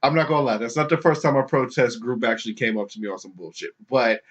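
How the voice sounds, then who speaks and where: A man hosting a podcast, telling a story casually and putting on high mocking voices for the people he quotes, laughing often. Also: fast. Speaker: podcast host. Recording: dull lo-fi podcast recording.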